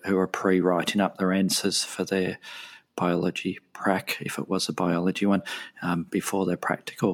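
A middle-aged man co-hosting a podcast in casual chat, hesitant, with many ums and restarts. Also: deep voice. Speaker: podcast co-host.

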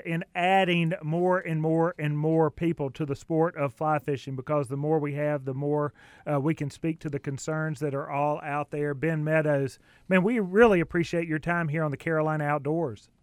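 A Southern radio host talks in a chatty, storytelling way, his voice fairly high and very dry, close to a studio mic. He sounds enthusiastic and keeps the talk moving. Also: no echo. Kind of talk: radio interview.

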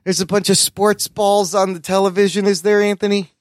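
A man's voice: high voice, flat delivery, fairly quick, no room sound. A man hosting a podcast in casual chat, playful and teasing. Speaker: podcast host.

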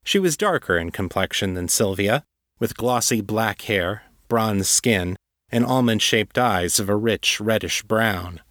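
A man narrating a fantasy story, his voice sitting on the low side. He keeps a measured, even delivery, and the recording is dry and close, with no room sound. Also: no echo. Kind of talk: audiobook reading.

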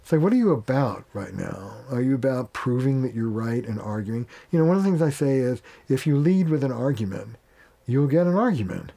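A man's voice: medium pitch, sing-song, fairly quick, vocal fry, mellow. A man who works as a family therapist, speaking as a guest in a conversational interview, plain-spoken and acting out bits of dialogue as he explains. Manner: plain-spoken, acts out dialogue in quoted voices.

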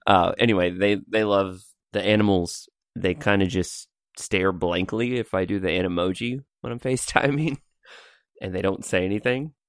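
A man with a low, deep voice chats loosely as a podcast co-host, laughing often between rambling asides. The mic sits close and the sound is dry, with no room around it. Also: fairly even intonation, moderate pace, hardly any pauses, clean tone, no echo. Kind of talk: casual podcast chat. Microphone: pop filter mic.

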